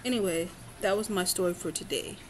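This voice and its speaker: A woman's voice: fairly low pitch, fairly quick, background noise. A woman vlogger telling a personal story in a casual, rambling way, with frequent fillers and restarts.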